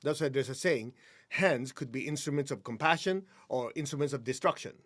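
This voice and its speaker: Calm man guiding an energy exercise. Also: mid-range voice, fairly quick. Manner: calm, instructive, laughs often. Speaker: energy healing teacher, guest.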